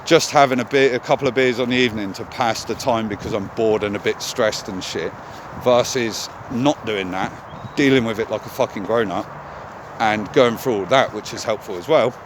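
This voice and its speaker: A man's voice: lowish voice, normal speed. Man, casual vlog, candid, swears a lot, outdoors, traffic noise behind. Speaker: vlogger. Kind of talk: casual monologue.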